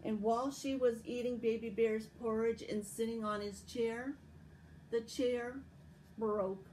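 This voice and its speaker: A woman telling a story to children at a library, with a slow, expressive, sing-song delivery. Her voice sits a little high but sounds soft and mellow rather than bright. She takes an unhurried pace. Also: a little hiss or hum, poor audio. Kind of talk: read-aloud story and tips for children.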